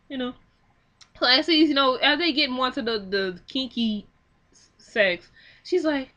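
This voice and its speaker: A young woman giving a casual film recap, animated and exclaiming, acting out the characters' lines in quick quoted bits. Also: high voice, lo-fi sound. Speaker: film reviewer. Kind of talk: casual movie recap and commentary.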